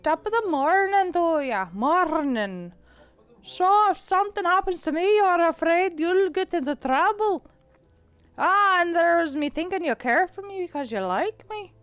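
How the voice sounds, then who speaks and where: A woman voicing a cheeky, hard-drinking male Irish cat in a put-on Irish accent, playful and loud. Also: very high voice, animated, a little slow, no echo, pitched above the performer's own voice, exaggerated voice. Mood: mock hurt.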